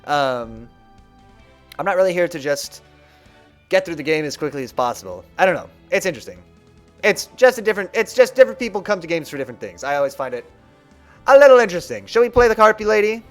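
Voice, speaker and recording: A man's voice: a little high, sing-song, quick pace, pauses often, faint music behind. A man streaming a card video game, chatting casually and rambling about how people play. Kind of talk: casual gameplay commentary.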